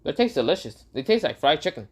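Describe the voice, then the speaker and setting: A man's voice: a little high, big pitch swings, fast. A man voicing a cocky teenage boy who has bonded with a hungry alien symbiote, speaking in a brash, gleeful way. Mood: boastful.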